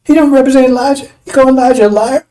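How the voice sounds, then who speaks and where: A man's voice: extremely high pitch, steady tone, rapid-fire, warm tone, low-quality recording. A man preaching in a combative, rambling way, often breaking off to ask "see?". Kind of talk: fiery preaching broadcast.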